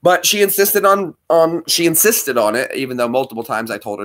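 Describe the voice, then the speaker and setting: A man's voice: medium pitch, animated, fairly quick, hardly any pauses, fairly bright tone. A man chatting casually with viewers while streaming a game, rambling and friendly. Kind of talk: casual livestream chat.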